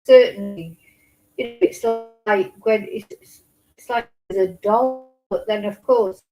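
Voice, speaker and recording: Woman host for a casual livestream chat. Rambling, emotional delivery with frequent restarts. Medium pitch. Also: unhurried, mellow, muffled recording, soft background music. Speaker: true crime livestream host. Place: home in Spain.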